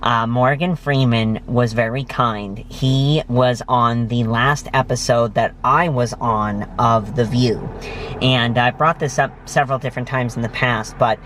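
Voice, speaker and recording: An enthusiastic male vlog host tells his stories straight to the camera in a casual, effusive way. His voice sits at an ordinary middle pitch, and he piles on words of praise. A faint hiss of noise sits under the voice. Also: steady tone, unhurried, a bit bright.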